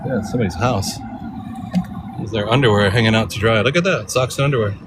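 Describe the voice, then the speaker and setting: A man's voice: fairly low pitch, fast. A man talking casually as he walks through a city for a vlog, rambling and laid-back, laughing often and using slang. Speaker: vlogger. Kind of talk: casual walking vlog chat. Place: city streets outdoors. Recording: outdoor street noise behind.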